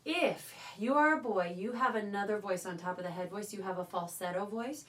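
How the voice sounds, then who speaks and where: A woman from California, a voice teacher, leading a choir warm-up and calling out cues between sung drills. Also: medium pitch, brisk. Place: teaching studio. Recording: voice from a distance over loud piano. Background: loud piano accompaniment.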